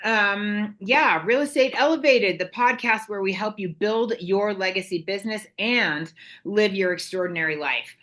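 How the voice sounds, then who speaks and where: A woman's voice: medium pitch, moderate pace, a bit bright. Woman, podcast host, bubbly, jokey, casual chat, remote call. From California.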